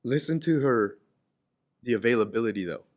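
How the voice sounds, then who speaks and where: A male pastor delivering a sermon in an earnest, conversational way at a medium pitch. He often stumbles and repeats words, then climbs higher and louder to proclaim the scripture. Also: lively intonation, moderate pace. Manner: emphatic, repeats and restarts phrases, voice swells on scripture quotes.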